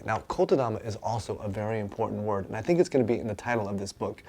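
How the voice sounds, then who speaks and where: A man's voice: fairly low pitch, warm tone. A man, a martial arts instructor, casually and enthusiastically explaining a manga page by page, often asking "right?".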